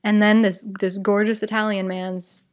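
A woman's voice: medium pitch, little pitch movement, moderate pace. An American woman hosting a podcast, telling a personal story in a rambling, chatty way, full of "like" and "you guys". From United States. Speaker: podcast host.

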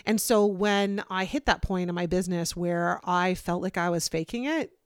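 A woman's voice: fairly low pitch, normal speed, clean tone, no echo. Woman, podcast host, candid solo monologue, conversational, dry close sound. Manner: open, unfiltered, conversational with many fillers.

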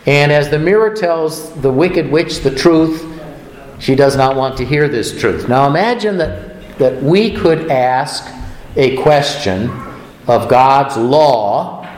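A man preaching a sermon, slow and emphatic, often asking his listeners questions. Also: medium pitch. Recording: roomy echo.

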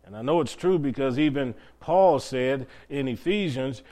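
A man's voice: medium pitch, lively intonation, moderate pace, mellow. A man preaching a sermon as pastor, asking rhetorical questions and stretching out key phrases for emphasis.

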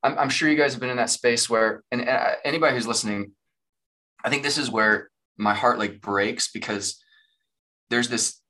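A man's voice: mid-range voice, moderate pace, pushed and bright. A man, a musician guest on a podcast, talking earnestly and with animation about faith and forgiveness. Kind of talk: candid podcast conversation.

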